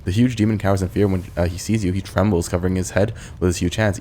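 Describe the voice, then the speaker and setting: A man's voice: deep voice, fairly even intonation, fast talker, hardly any pauses, mellow, a little hiss or hum. A man hosting a let's play, reading game text aloud and adding casual, joking asides. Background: game music.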